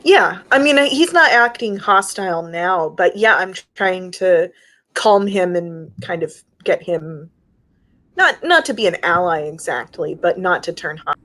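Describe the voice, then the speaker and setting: A woman's voice: on the low side, expressive, measured pace, a bit bright. A woman speaking as a player in a tabletop role-playing game, hesitant and filler-heavy. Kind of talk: casual tabletop play.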